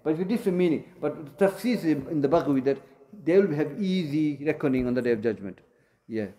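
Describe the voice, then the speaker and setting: A man's voice: fairly high pitch, lively intonation, quick pace, warm tone, slight background noise. A man teaching a religious lesson in a mosque and answering students, explaining in short repeated phrases with many fillers. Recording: echoey room.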